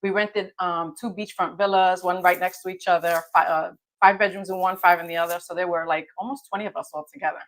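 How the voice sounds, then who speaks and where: A woman's voice: on the low side, fairly even intonation, fast, few pauses, fairly bright tone. A middle-aged woman from the Bronx, a guest travel expert chatting casually and laughing easily. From the Bronx, New York. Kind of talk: casual interview chat.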